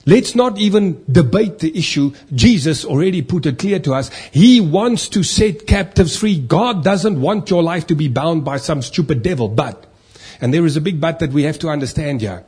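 A man's voice: fairly high pitch, darkish tone, husky. A man preaching a sermon as a pastor, asking rhetorical questions and acting out the complaining voices of others.

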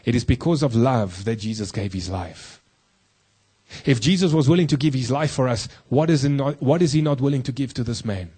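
A male pastor delivers a sermon in a husky voice, posing rhetorical questions to his congregation and dropping slow and low to stress key points. His intonation is lively and his tone warm.

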